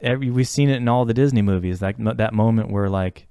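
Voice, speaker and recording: Male podcast co-host, lowish voice, dry close sound; earnest, rambling delivery with frequent fillers. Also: fast, dark tone, clean tone, no room sound. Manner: rambling, many fillers and restarts; earnest and reflective. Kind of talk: casual podcast conversation.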